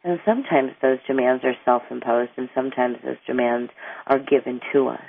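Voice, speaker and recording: A woman's voice: very deep voice, brisk, gravelly, slightly rough. A middle-aged woman, an anger management coach, explains her ideas earnestly as an interview guest, rambling a little and restarting sentences. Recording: tinny phone line, dry.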